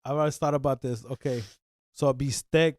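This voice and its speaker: A man's voice: mid-range voice, steady tone, fairly quick, no echo, clean studio sound. A young man, co-hosting a podcast in jokey chat, laughing often and dropping in Spanish words. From United States. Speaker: podcast co-host. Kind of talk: casual chat.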